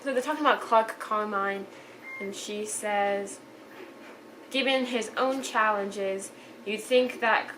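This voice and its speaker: A young woman talks through a book she loved in a loose, rambling vlog, gushing and trailing off mid-thought. Her voice sits at an everyday middle pitch, and a steady background hiss runs under the recording. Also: takes it slowly, poor audio. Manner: chatty, gushing, trailing off and restarting. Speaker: book reviewer. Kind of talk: casual book review vlog.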